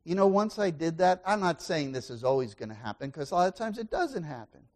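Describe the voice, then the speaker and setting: A man preaching a sermon as pastor, asking the congregation questions and swinging between loud exclamations and quiet asides. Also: fairly high pitch, sing-song, a little fast.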